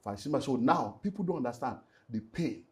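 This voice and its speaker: Nigerian pastor guy, middle-aged, earnest and animated, mixes in pidgin, average pitch. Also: brisk. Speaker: pastor and relationship speaker. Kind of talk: emotional interview storytelling.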